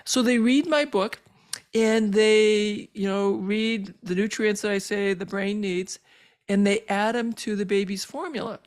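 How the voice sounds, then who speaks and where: An older woman, a physician, telling her personal story as a podcast guest, earnest and halting with many fillers and moved as she relives it. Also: mid-range voice, darkish tone. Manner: emotional when reliving moments.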